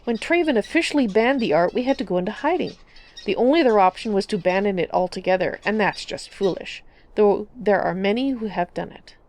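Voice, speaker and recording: A woman's voice: medium pitch, brisk, darkish tone, close to an everyday voice. A woman voicing a stoic, matter-of-fact middle-aged Nord man.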